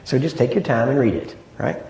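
A man's voice: medium pitch, brisk, creaky, darkish tone. A man preaching a sermon in an easy, conversational way, often asking "Amen?" and "right?" to draw agreement. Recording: echoey room.

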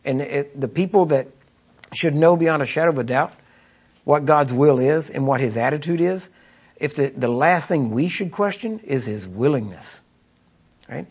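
A man's voice: a little high, animated, normal speed, husky. A man preaching a sermon in a conversational way, often asking the congregation rhetorical questions. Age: adult with children.

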